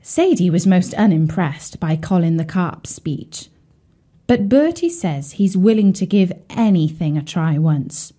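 A woman reads a fairy tale aloud to children in a gentle, confiding way and speaks directly to her listeners. She speaks slowly. Her voice has a mellow, darker tone. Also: on the low side, animated. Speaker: storyteller. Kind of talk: storytelling for children.

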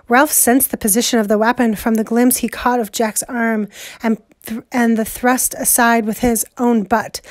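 A woman teacher reading a novel aloud in a measured, deliberate way. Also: on the high side.

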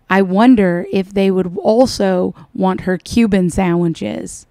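A woman's voice: mid-range voice, steady tone, slow pace, hardly any pauses, dark tone, dry recording, studio quality. A woman hosting reaction commentary, mocking and scolding in a sarcastic way. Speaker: commentary channel host.

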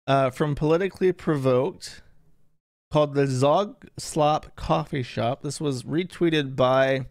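A man's voice: medium pitch, slow, dry recording, clean studio sound. A man hosting casual online commentary, irreverent and profane, with slangy asides. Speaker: internet commentary host.

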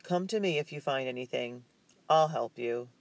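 A man voicing a kind, worried young man in an audiobook, speaking gently and with concern. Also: medium pitch, animated, normal speed, close to an everyday voice.

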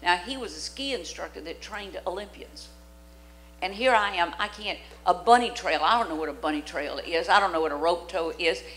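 Animated older woman preaching. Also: on the low side, moderate pace, rough recording. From Louisiana. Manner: animated, dramatic, acts out voices in her stories. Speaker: guest preacher. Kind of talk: storytelling sermon. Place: church sanctuary.

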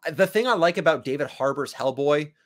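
Expressive man talking movies. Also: on the high side. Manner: enthusiastic, acts out characters' attitudes in quick quotes. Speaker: podcast co-host. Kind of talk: casual movie chat.

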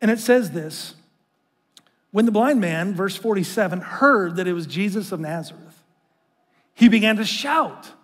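High-voiced male pastor in a reverberant hall. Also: animated, a little slow, pauses often, fairly bright tone. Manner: conversational, earnest preaching with frequent restarts; calls the congregation to read aloud with him. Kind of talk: sermon. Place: church sanctuary. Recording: long reverb of a large hall.

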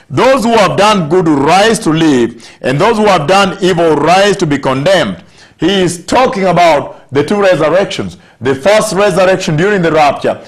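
A man preaching a sermon, stressing scripture words emphatically and slowing down on key phrases. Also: fairly high pitch.

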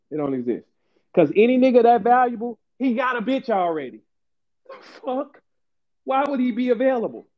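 A man hosting a casual chat, ranting with big swings in his voice. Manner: animated ranting, swings high and low. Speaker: host. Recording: tinny phone-like line.

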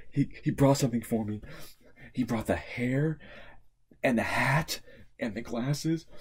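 A man's voice: medium pitch, husky. Playful preschool teacher man. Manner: animated and playful, swinging from hushed to excited. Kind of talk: remote preschool lesson for children.

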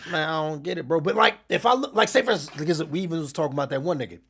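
A man telling a story in casual chat as a streamer being interviewed, swinging from quiet recounting to loud shouting. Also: a little high, racing, vocal fry, hardly any pauses, slightly rough.

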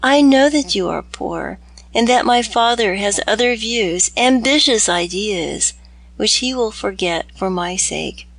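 A woman's voice: medium pitch, animated, measured pace, creaky, fairly bright tone, heavily acted. A woman reading aloud as a devoted young woman in a storybook, heartfelt and pleading. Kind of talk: audiobook reading.

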